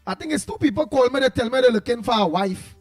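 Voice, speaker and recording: A man's voice: extremely high pitch, lively intonation, fast talker, faint music behind. A Trinidadian man hosting a casual morning radio show, rambling and calling out listeners' names in greeting. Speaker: radio host.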